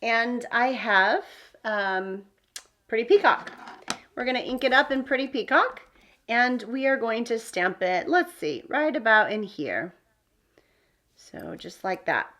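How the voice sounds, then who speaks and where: A woman's voice: fairly high pitch, animated, measured pace, sharp tone. A woman hosting a card-making tutorial, chatting casually and thinking aloud with fillers as she works. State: hiccups. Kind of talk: casual crafting demonstration.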